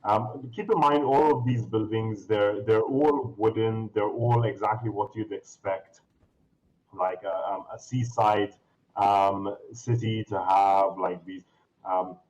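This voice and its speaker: A man's voice: lowish voice, steady tone, slow pace, a little mellow, lo-fi sound. A man running a tabletop game as game master, describing the scene in a loose, rambling way full of ums and restarts.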